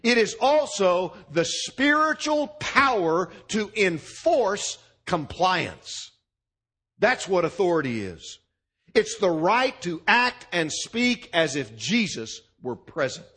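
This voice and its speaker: A man preaching a sermon, driving his points home with punchy repeated lists. His voice sits fairly high and moves in lively, wide swoops of pitch. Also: slow, breathy edge. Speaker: pastor.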